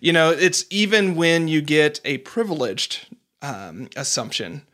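High-voiced reflective male podcast host. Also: animated, measured pace, a bit bright. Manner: reflective, acts out quoted voices with chuckles. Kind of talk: casual conversational interview.

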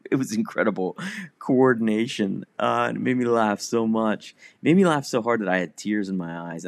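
Casting note: middle-aged man, low voice, reflective monologue, dead-dry room. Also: dry recording. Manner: conversational with frequent restarts and soft laughs. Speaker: newsletter writer and comedian.

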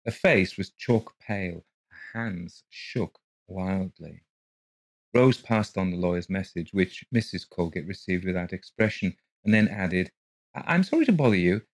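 Male narrator for a ghost story; low, steady and measured, dry sound. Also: no echo.

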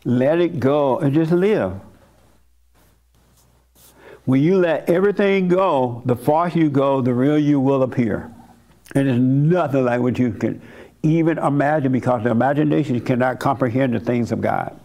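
A man's voice: mid-range voice, moderate pace, warm tone. An older man preaching a sermon as pastor, telling stories and acting out the voices of people he quotes.

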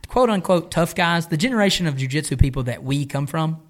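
A man talking casually on a podcast about coaching and training, relaxed and rambling with a self-deprecating manner. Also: fairly high pitch, brisk. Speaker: podcast guest, jiu-jitsu coach. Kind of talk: casual chat.

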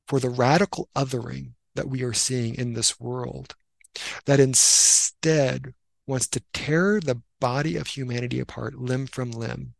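A man who is a Christian minister and writer, talking as a guest in an earnest, reflective storytelling way that slows down for emphasis. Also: medium pitch, creaky, no echo.

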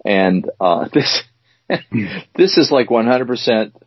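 A man co-hosting a casual chat show, teasing his co-host and reading word definitions out slowly. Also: mid-range voice, animated, husky, no echo. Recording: dull dry lo-fi recording.

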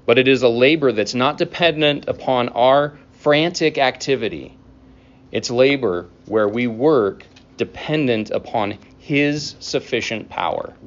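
A man preaching a sermon as pastor, in a conversational way, with casual asides and quick laughs. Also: mid-range voice, muffled recording.

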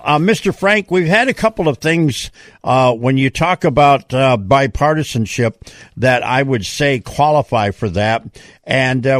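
Brief: male talk radio host, mid-pitched, blunt and brisk, dry studio sound. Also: dry recording. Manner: brisk, agreeing, punchy asides.

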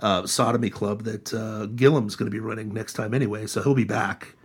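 A man hosting a casual political chat podcast, sarcastic and animated. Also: fairly low pitch, brisk, breathy edge. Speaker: podcast host.

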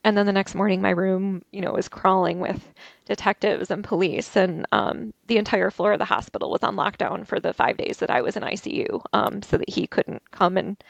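Gravelly-voiced woman recounting an ordeal. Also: mid-range voice, fairly even intonation, no room sound. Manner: halting, emotional, many restarts. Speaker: interview guest. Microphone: video call.

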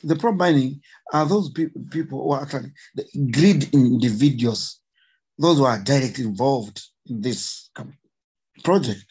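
A man's voice: medium pitch, normal speed, a little mellow, slightly rough, rough recording. A man from Zambia with a Zambian accent, an emotional conservationist guest who speaks earnestly and repeats his points for emphasis. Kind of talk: impassioned interview talk.

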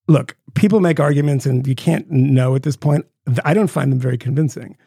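A man co-hosting a podcast, telling stories in a rambling, profane, animated way. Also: medium pitch, brisk, breathy edge, no room sound, studio quality. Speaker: podcast co-host. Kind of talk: casual chat.

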